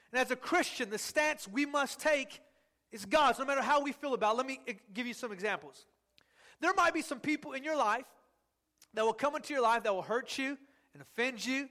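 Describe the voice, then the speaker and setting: A man's voice: very high voice, lively intonation, sharp tone. A male pastor preaching a sermon, stretching out words for emphasis and calling on the congregation to repeat after him. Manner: emphatic, drawn-out words for stress.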